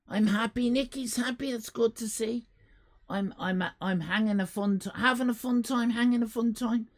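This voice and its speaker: A man with an Irish accent, chatting casually to his live-stream audience, rambling and joking and calling out viewers by name. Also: high-pitched. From Ireland. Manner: rambling, jokey, talks to chat by name.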